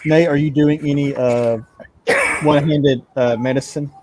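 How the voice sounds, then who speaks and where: A man's voice: a little high, fairly even intonation, moderate pace, background noise. A man narrating as game master of a tabletop game, often stumbling over repeated words.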